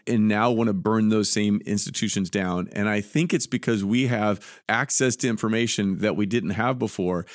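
A man's voice: fairly low pitch, normal speed, hardly any pauses, dry recording. A man co-hosting a podcast, talking through ideas in a conversational way with dry, wry asides. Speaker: podcast co-host. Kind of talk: conversational discussion.

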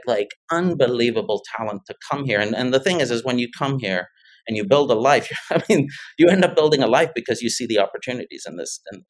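A middle-aged man telling stories as a guest in a casual interview, full of restarts and little laughs. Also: mid-range voice. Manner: rambling storyteller, many restarts and laughs. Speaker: guest, tech founder.

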